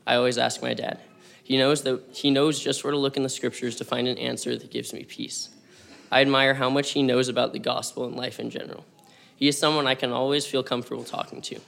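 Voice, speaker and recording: A young man reads his prepared church talk in a flat, level tone that hardly rises or falls. His voice has a gravelly edge, and he keeps an even, scripted delivery from start to finish. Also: medium pitch. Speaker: church speaker. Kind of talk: read sacrament meeting talk.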